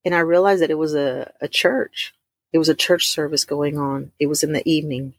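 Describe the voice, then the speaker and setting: A middle-aged woman, telling a heartfelt personal testimony to her listeners, warm and emotional, calling them y'all. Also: sits low, steady tone, husky, dry recording, studio quality. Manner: emotional, addresses listeners as y'all, drawn-out emphasis. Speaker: host of a faith talk stream.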